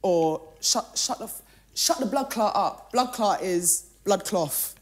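A woman contestant with a lively, teasing way of talking, full of slang. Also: medium pitch, slow pace. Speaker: reality show contestant.

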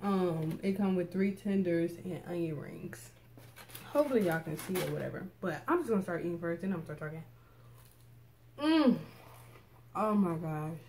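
A woman's voice: on the low side, a little fast, creaky, a little mellow, a little hiss or hum. Chatty young woman eating on camera. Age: young adult. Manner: chatty, laid-back, talks with mouth full. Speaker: vlogger. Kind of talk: casual chat while eating. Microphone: camera set up in front of her.

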